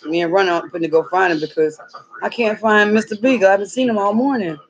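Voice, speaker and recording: A woman's voice: mid-range voice, fast, muffled recording. A woman hosting a comedic outdoor vlog in the cold, fretting aloud and calling out for her missing dog. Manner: excitable, frets aloud, calls out a dog's name. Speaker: channel host.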